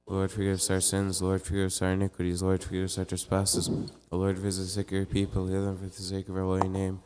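A man reciting church prayers in a fast, flat, chanting monotone during a live-streamed liturgy. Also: deep voice, clean tone. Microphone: live stream mic.

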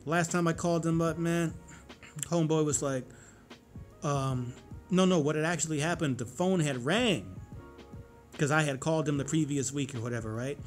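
A man's voice: a little high, normal speed, pauses often, soft background music. Profane rambling man in his forties. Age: 40s. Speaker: vlogger. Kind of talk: casual monologue to camera.

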